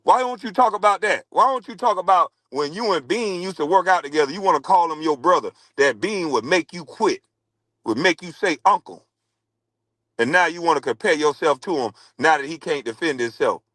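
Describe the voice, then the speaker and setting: A former pro basketball player in a heated, scornful rant, repeating taunts at a rival. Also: male voice, a little high, brisk, fairly bright tone, no room sound, low-quality recording. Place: podcast studio.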